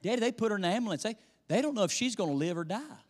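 A man voicing his young schoolgirl daughter, rushed and earnest, as he retells her story in an echoey hall. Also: sits high, expressive, pitched above the performer's own voice. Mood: alarmed.

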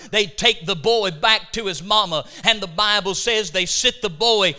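A man's voice: high-pitched, moderate pace, few pauses, bright, forceful tone. A middle-aged man preaching a sermon, retelling scripture scenes with dramatic, emphatic storytelling.

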